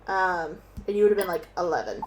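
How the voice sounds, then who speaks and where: A young woman chatting casually at home as a stream guest, excitable and swearing freely, sometimes bursting into loud laughing shouts. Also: fairly low pitch, a little fast, a little hiss or hum. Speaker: guest co-host on an art stream. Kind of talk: casual chat.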